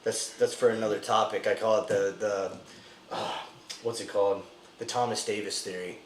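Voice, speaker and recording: A man's voice: on the low side, fairly even intonation, normal speed. A man co-hosting a podcast, telling a story in a laid-back, chatty way with lots of "dude" and "like". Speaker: podcast co-host. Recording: roomy echoey room, faint noise.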